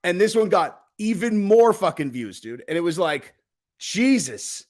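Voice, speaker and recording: A man's voice: high voice, normal speed. A swearing, storytelling male vlogger. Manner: profane, animated, acts out quoted dialogue. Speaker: host. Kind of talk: casual storytelling.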